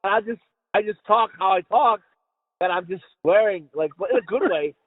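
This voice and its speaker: Swearing freely, a podcast co-host in his thirties tells animated stories during a casual chat. He speaks at normal speed in a high voice, and the dry recording sounds tinny, like a phone.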